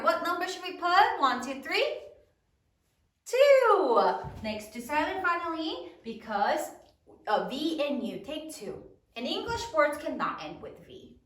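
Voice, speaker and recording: A woman teacher leading a spelling lesson, slowly sounding out each part of a word. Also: high-pitched, a bit bright, reverberant, distant mic. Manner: slow, deliberate, sounds out phonograms.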